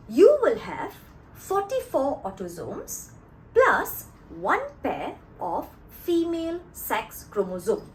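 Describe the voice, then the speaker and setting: A woman's voice: high-pitched, rough recording. A woman teaching a biology lesson, stressing key words and often checking that the class follows. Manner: slow, emphatic, checks understanding often.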